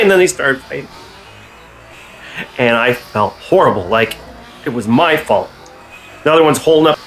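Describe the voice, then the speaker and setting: A man delivering absurd deadpan comedy bits that burst into sudden shouts. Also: mid-range voice, low-quality recording. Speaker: comedy sketch creator.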